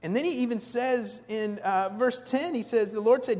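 A man preaching a sermon, animated, acting out the people in the story with big jumps in his voice. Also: normal speed, hardly any pauses, long reverb tail, a little hiss or hum. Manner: animated, acts out voices of biblical figures with big pitch jumps.

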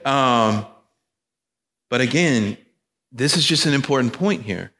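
A man's voice: mid-range voice, lively intonation, slow, pauses often, bright, forceful tone. A male pastor preaching a sermon, emphatic and repetitive, with joking asides. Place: church sanctuary. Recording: long reverb of a church hall.

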